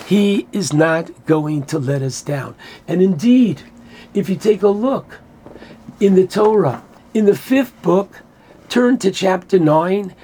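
Rabbi type, man, high-pitched, unhurried; earnest sermon delivery with Hebrew quotes. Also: darkish tone. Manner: earnest, explanatory, quotes Hebrew verses then translates. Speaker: rabbi teaching Torah. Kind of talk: Torah class sermon.

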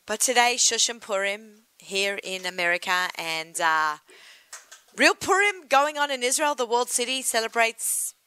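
A woman's voice: fairly high pitch, lively intonation, sharp tone, smooth, no room sound. A woman with an Australian accent hosting a food radio show in a chatty, enthusiastic way. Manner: chatty, enthusiastic, quick asides. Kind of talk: casual radio chat.

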